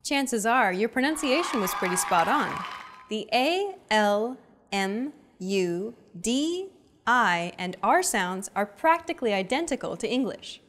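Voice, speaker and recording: A woman's voice: on the high side, sing-song, measured pace, a bit bright. Upbeat woman teaching a language lesson. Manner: upbeat, coaching tone. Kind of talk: scripted lesson presentation.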